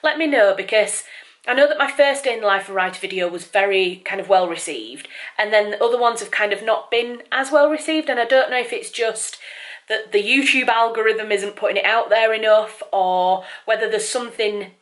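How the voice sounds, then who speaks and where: A woman's voice: mid-range voice, fairly quick, a bit bright. A woman, a writer, chatting casually to camera in a vlog, rambling with lots of fillers and sounding a bit apologetic. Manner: apologetic and self-conscious toward viewers. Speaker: writer and vlogger.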